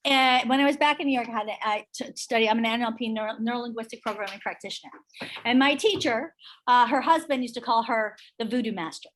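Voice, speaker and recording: A middle-aged woman leading a real estate sales training, chatty and energetic, telling stories to the room. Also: on the high side, fast, a little hiss or hum. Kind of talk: training workshop talk.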